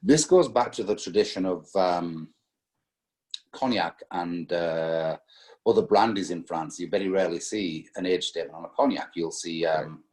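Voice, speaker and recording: A man with a very low voice, talking through an interview as a spirits importer. He speaks casually, pausing on fillers and restarting his sentences as he works through long stories. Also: darkish tone. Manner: hesitant, many fillers and restarts, storytelling.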